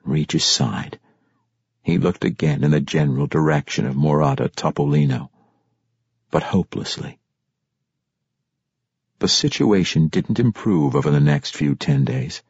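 A man narrating a fantasy audiobook in a measured, expressive storytelling manner. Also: rumbling low, gravelly, husky, dry recording. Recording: dull lo-fi dry recording.

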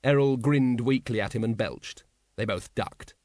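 Scripted narration of a novel comes from a man with a mid-range voice, delivered wryly and expressively at a measured pace. The studio recording is clean, without any room sound.

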